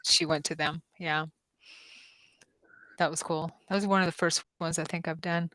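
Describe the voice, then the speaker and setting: A woman's voice: deep voice, steady tone, normal speed, bright, forceful tone, no room sound, low-quality recording. A woman in her fifties hosting a casual livestream, telling stories with many ums and restarts. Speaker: psychic-medium host.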